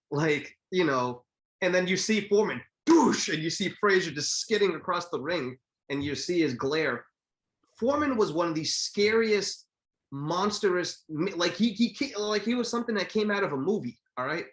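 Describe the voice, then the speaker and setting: Co-hosting a casual boxing history podcast, this man tells stories with animated energy and acts out the quotes. His voice runs on the high side at a moderate pace.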